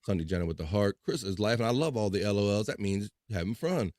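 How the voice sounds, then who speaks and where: A man's voice: lowish voice, lively intonation, quick pace, darkish tone, dry recording, studio quality. Chatty male livestream host. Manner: loose, chatty and upbeat, with playful filler sounds. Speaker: host of a live chat show. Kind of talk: casual livestream chat, reading out viewer comments.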